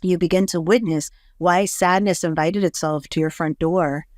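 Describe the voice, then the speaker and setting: A woman's voice: on the low side, steady tone, normal speed, a little mellow, no room sound, clean studio sound. A woman hosting a podcast, talking casually and reflectively with frequent fillers. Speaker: podcast host. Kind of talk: casual conversation.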